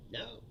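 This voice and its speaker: A man's voice: bright, forceful tone, a little hiss or hum. A man in his fifties, a comedian hosting a profane, ranting comedy livestream and laughing often. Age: 50s. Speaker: comedian host.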